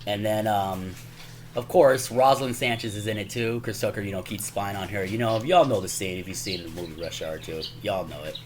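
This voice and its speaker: A man's voice: lowish voice, fairly even intonation, brisk, noisy background. A man casually recapping favorite comedy movies on his channel, rambling and chuckling, peppering his talk with "man" and "y'all". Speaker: YouTuber.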